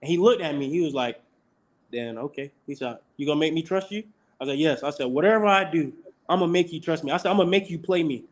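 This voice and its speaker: A college football player in his young adult years talks fast in a slightly high voice. He's an animated storyteller on a casual podcast, acting out the quotes as he goes.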